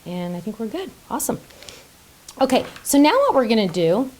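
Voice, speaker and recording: A woman hosts a casual card-making tutorial filmed with a top-down camera, chatty and playful, making silly sound effects and joking about herself. Her voice is on the high side with big pitch swings, a darkish tone and normal speed. The recording is low quality with slight background noise.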